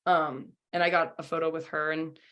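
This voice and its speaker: Young woman singer, low voice, chatty, lots of fillers. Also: little pitch movement, moderate pace, fairly bright tone. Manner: chatty with many fillers like 'you know' and 'um'. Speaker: singer and former contestant. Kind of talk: casual interview.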